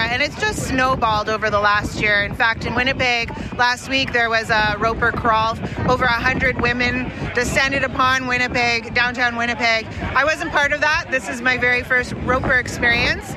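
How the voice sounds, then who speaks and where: A woman in a recorded street interview, talking in a casual, rambling way. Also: a little high. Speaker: interviewed fan. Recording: outdoor clip with boat noise.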